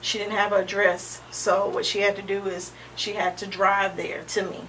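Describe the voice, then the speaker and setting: A woman in her thirties, an interview guest sharing a personal testimony in a halting, earnest way, often pausing with "um" and restarting. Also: mid-range voice, flat delivery, a bit bright. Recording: distant mic with faint background noise.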